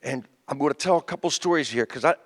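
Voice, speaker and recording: A man's voice: on the high side, quick pace. A man in his fifties, a comedian telling rambling stand-up stories at a memorial tribute on a stage, acting out the people in them. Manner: rambling, animated, acts out quoted voices. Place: stage in front of a live audience.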